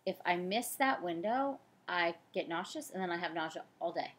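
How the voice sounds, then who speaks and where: A fertility practitioner in her forties gives a tired, chatty personal vlog update from her couch at home, candid and casual, with frequent fillers and self-corrections. Her voice is fairly low, with lively intonation and a moderate pace.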